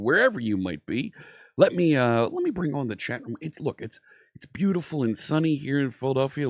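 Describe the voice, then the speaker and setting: Male live-stream host, upbeat and talkative, mid-pitched voice, dry close sound. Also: no room sound. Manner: chatty, upbeat, greets chat viewers by name. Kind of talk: casual live-stream coding chat.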